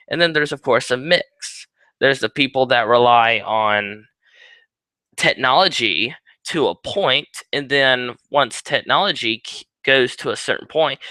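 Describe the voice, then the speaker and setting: A man's voice: medium pitch, bright, forceful tone, clean tone, no room sound, low-quality recording. A young man hosting his own paranormal talk show, speaking in a rambling, conversational way with ums and asides. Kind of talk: casual solo talk.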